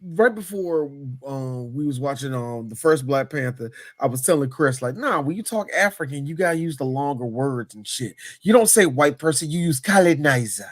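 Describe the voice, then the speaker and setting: A man's voice: mid-range voice, lively intonation, normal speed, few pauses. A man co-hosting a podcast, joking animatedly about a movie and dropping into mock voices. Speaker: podcast co-host. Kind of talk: casual comedic movie chat.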